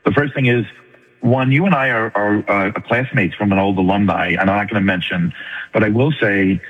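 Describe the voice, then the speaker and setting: An older retired man with a New York accent, calling in to a radio show and making his point fast and earnestly. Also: on the low side, slightly rough. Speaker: caller. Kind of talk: call-in radio talk. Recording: tinny phone line with long reverb.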